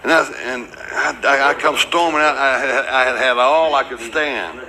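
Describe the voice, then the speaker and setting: An older man tells a story in a documentary interview. His voice is bright, and he rambles and restarts before bursting into the lines he quotes. There is a faint hiss behind him. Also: medium pitch, normal speed, low-quality recording. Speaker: interviewee recalling past events.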